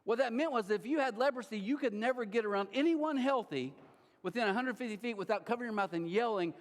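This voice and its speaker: A male pastor preaching a sermon in an animated, joking way, acting scenes out with a volunteer in a church auditorium. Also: high voice, quick pace. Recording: long reverb of a large church hall.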